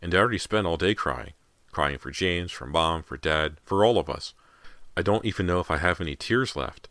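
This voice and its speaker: A man voicing a caring teenage daughter who speaks softly and reassuringly despite her fear. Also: low voice, animated, normal speed, dry recording, studio quality. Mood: anxious. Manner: soft-spoken, reassuring. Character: caring teenage daughter, frightened but steady.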